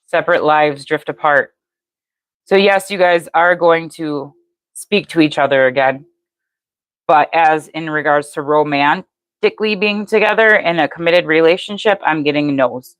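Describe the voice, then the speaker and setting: A woman's voice: deep voice, a little slow, no room sound. An older woman doing a live-stream tarot reading, chatty and matter-of-fact, speaking to viewers by name. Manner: even, matter-of-fact delivery. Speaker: tarot reader.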